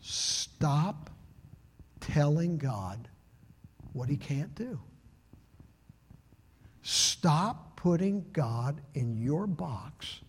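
Preacher in a reverberant church hall. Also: male voice, fairly high pitch, very animated, very slow, pauses often, slightly rough. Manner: dramatic swings from shouting to whispering. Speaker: pastor. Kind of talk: sermon. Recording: long reverb of a large hall.

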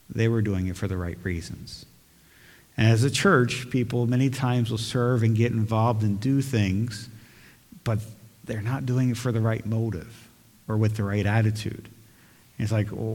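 A man's voice: on the low side, a little mellow. A male pastor preaching a sermon and leading prayer, earnest and emphatic, repeating phrases for stress. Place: church sanctuary. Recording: long hall reverb.

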